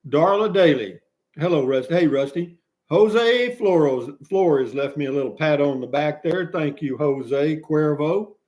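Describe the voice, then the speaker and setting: A man's voice: fairly high pitch, measured pace, darkish tone. A man hosting a casual livestream, reading out viewers' comments in a folksy, jovial way and chuckling often. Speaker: livestream host.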